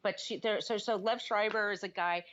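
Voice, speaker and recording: A woman co-hosting a podcast, chatting casually about a film with quick opinionated asides. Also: medium pitch, fairly even intonation, noisy background. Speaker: podcast co-host. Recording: slightly muffled dull podcast mic.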